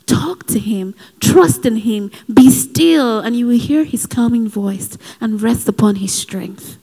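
A woman preaches with earnest urgency, mixing exhortation with personal asides. Her voice sits high, and each phrase rings on in a large hall with long reverb. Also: takes it slowly, dark tone, husky. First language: not given. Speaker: speaker at a Christian gathering. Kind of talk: sermon.

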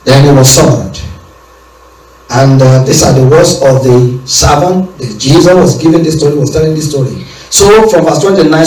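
A man's voice: fairly high pitch, normal speed, darkish tone. A male preacher giving a sermon, repeating his phrases and asking the congregation to answer back. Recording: echoey room, voice from far off the mic.

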